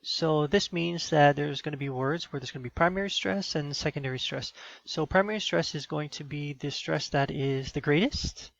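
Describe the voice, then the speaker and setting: A man's voice: fairly high pitch, normal speed, vocal fry, a bit bright, no echo, lo-fi sound. A man giving a recorded teaching demo, explaining in an instructional way with some fillers.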